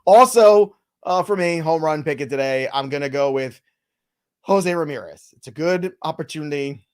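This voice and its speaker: A man's voice: on the high side, normal speed, smooth. A man hosting a live fantasy baseball show, casual and playful in his banter with a co-host. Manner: jokey, playful, teasing co-host.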